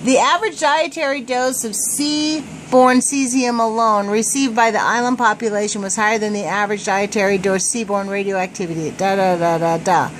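High-pitched, indignant woman ranting. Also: steady tone, moderate pace, hardly any pauses, a little hiss or hum, poor audio. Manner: indignant, swearing, stumbles over words. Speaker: vlogger reading a report aloud. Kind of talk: agitated screen-reading rant.

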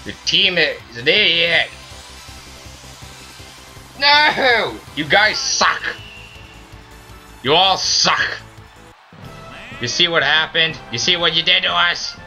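A man playing a video game and commenting, ranting loudly at his teammates in a put-on silly voice. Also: fairly high pitch, slow pace, gravelly, long pauses. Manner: loud, frustrated ranting at teammates. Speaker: let's play gamer. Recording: faint game music behind. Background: game music.

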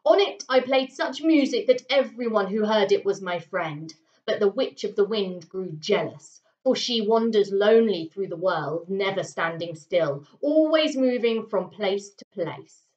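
A woman reading aloud, voicing a huge, lonely male giant who is gentle and sad, in a slow, solemn way. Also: medium pitch, animated, close to an everyday voice. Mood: sorrowful. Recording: roomy, slightly muffled home recording.

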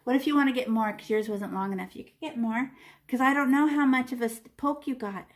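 An art teacher with a slightly high, fairly quick voice walks children through a painting lesson one step at a time. She stays chatty and playful, tossing in little sound effects and voices.

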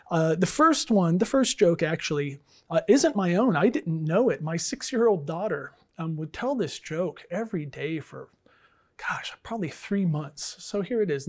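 A man, an English professor and department chair, telling bad jokes to students in a dry, deadpan way with lots of fillers. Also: on the high side. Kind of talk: casual joke-telling address to students.

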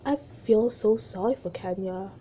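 A woman's voice: mid-range voice, a little slow, noisy background. A young adult woman vlogger reading aloud her old childhood stories and reacting to them, exasperated, with whispered asides.

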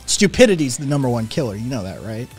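A man's voice: mid-range voice, big pitch swings, fast, breathy edge, soft background music. A man who says he is sick and in pain, ranting with constant swearing while he reads and answers his chat. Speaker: streamer. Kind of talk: ranting live stream chat.

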